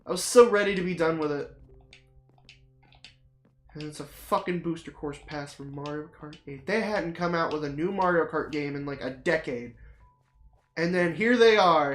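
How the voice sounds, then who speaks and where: Streamer, casual chat over gameplay; profane, theatrical ranting, middle pitch; roomy echoey room. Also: normal speed, long pauses. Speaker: streamer chatting to viewers. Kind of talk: casual rambling chat while playing a game.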